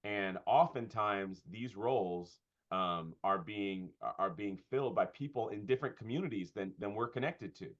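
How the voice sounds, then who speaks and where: Male pastor-comedian guest, low register, halting and reflective delivery, muffled lo-fi audio. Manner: thoughtful, halting with fillers and restarts. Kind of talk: conversational interview. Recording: dull lo-fi sound.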